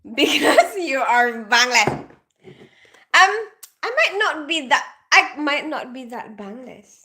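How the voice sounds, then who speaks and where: A middle-aged woman chats casually on a livestream and laughs easily. She talks slowly, and her somewhat high voice is bright and lively as she greets viewers by name. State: just woke up after night shifts. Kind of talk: casual live-stream chat.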